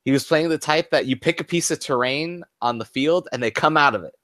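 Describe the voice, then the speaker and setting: A man telling a story in casual chat as a podcast co-host, animated and often adding "right?". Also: on the high side, a little fast, no echo.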